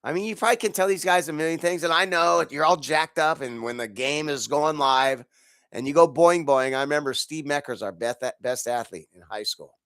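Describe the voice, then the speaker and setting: A man's voice: on the high side, fairly quick, a bit bright, dry recording, studio quality. A man hosting a podcast, ranting about football in a profane, exasperated way, congested from allergies. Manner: angry, profane, exasperated, laughs in bursts. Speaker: podcast host. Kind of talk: profane sports rant.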